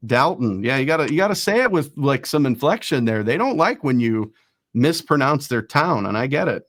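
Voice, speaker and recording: Fast-reading male sports show host. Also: medium pitch, lively intonation, no room sound. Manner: reads rankings quickly, self-deprecating asides. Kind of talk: casual sports talk show.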